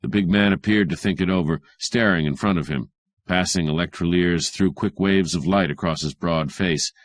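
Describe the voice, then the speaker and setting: A man reading a hardboiled crime story aloud as an audiobook narrator, in a measured, even manner. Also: deep voice, no echo.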